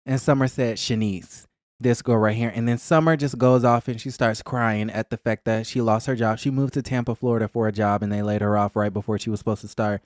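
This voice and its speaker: A man's voice: brisk, no echo, studio quality. Gossipy man recapping reality TV. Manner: gossipy and animated, acting out cast members in a higher voice. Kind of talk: casual chat.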